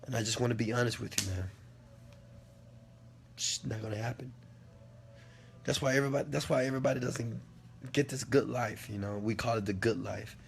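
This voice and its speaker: A man with a gravelly edge to his voice delivers an impassioned motivational talk, hammering each point with repetition and the odd swear word. He drops low, then swells loud for emphasis. A faint hum sits under the recording. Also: steady tone, brisk, pauses often. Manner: preachy, repeats lines for emphasis, swears, swings from quiet to loud. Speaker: motivational speaker answering a question.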